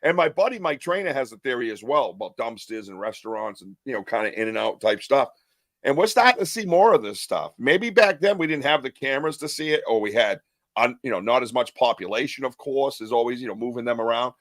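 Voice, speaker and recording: A man hosting a casual chat podcast, animated and laughing often as he acts out other people's lines. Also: medium pitch, a little fast, dry recording, studio quality. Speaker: podcast host.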